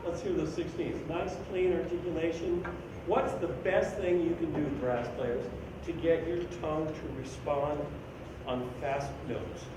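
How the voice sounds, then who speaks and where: A man leading a school band rehearsal, singing rhythms on syllables and counting the players in. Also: on the high side. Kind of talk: rehearsal instruction. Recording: echoey room, mic far off, background noise.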